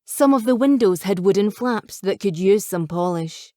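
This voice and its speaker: A woman calmly narrating a novel as an audiobook reader. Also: mid-range voice, normal speed, no echo, studio quality. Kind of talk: scripted narration.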